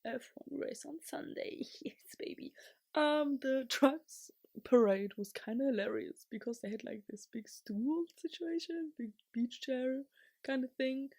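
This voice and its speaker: A young woman vlogs in a rambling, excitable way, laughing often and dropping to whispers before bursting into shouts. Her voice sits a little high and she talks at an unhurried pace. The sound is dry and close. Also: vocal fry, slightly rough, no echo. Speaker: vlogger. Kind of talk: casual chatty recap.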